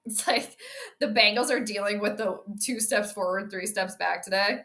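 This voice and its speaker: This astrology sports streamer is a young woman with a mid-range voice who talks at a normal speed. She offers chatty live commentary on a football game, addressing viewers directly and reacting loudly to every play.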